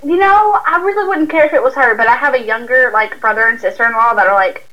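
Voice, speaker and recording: A woman's voice: a little high, quick pace, sharp tone. A young woman with a Southern US accent, chatting as a guest in a laid-back way, full of "like" fillers. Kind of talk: casual chat. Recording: tinny phone line.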